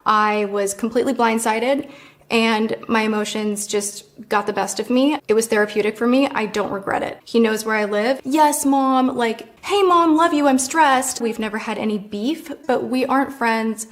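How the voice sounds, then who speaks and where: A woman's voice: fairly high pitch, fairly even intonation, normal speed. A woman influencer speaking to camera in a vlog, emphatic, indignant and blunt.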